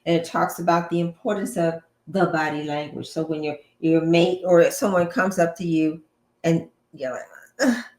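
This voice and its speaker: A middle-aged woman co-hosting a marriage talk show, giving advice in a lively, teasing way. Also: on the low side, normal speed, reverberant. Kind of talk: casual advice chat.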